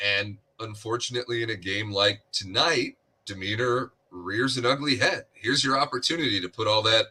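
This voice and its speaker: A man co-hosting a sports podcast, giving measured, analytical breakdowns in casual chat. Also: fairly low pitch, sharp tone. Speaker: podcast co-host.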